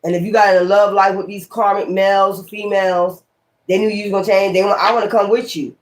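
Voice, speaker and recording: A woman's voice: mid-range voice, level tone, brisk. A woman giving a casual tarot reading in a blunt, rambling, slangy way, swearing freely and repeating key words. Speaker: tarot reader.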